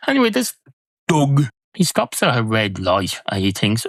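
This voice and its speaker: A man's voice: mid-range voice, huge pitch swings, moderate pace, a bit bright, dry recording. A man hosting a comedy podcast alone, rambling through silly musings and correcting himself mid-thought. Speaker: podcast host. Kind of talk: comedic solo monologue.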